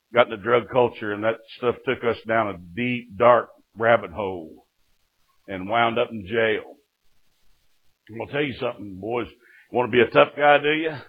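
A man giving a folksy sermon testimony, rising to shouts and dropping to hushed storytelling. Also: lowish voice, normal speed. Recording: tinny phone-like recording.

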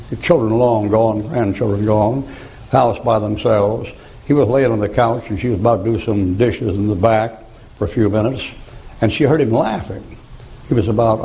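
Older male preacher, gravelly and mellow, folksy storyteller who chuckles and rises to fervent rhymes. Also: mid-range voice, rough recording. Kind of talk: folksy sermon with anecdotes.

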